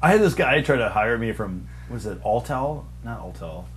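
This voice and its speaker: A young man hosts a loose podcast chat, spinning long stories in a rambling, profane and mocking way. His voice sits at an ordinary middle pitch. A faint hum runs under the recording. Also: expressive, normal speed. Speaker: podcast host. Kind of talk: casual storytelling chat.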